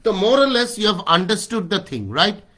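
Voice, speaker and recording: A man's voice: high voice, sing-song, brisk, sharp tone. A man teaching grammar in an online class over a video call, mixing in Hindi and often checking "right?". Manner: mixes Hindi into English, keeps asking "right?". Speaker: English teacher.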